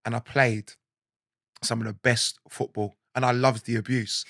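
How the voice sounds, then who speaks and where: A man in his forties with a South London accent, telling animated stories from his life in a casual interview and acting out what others said. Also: mid-range voice, normal speed, vocal fry, no room sound, clean studio sound. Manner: animated storyteller, acts out quotes, laughs often. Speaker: guest.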